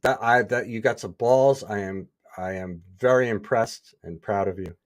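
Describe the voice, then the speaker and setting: Easygoing male podcast co-host, slightly low voice, reads stories out and reacts. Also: normal speed. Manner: relaxed, reacts with laughs and short comments. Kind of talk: casual chat, reading listener stories.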